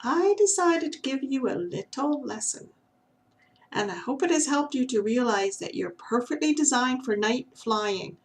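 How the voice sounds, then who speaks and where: A woman reading aloud and voicing a wise old male owl who speaks in a gentle, instructive way. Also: on the high side, animated, normal speed, few pauses, rough recording.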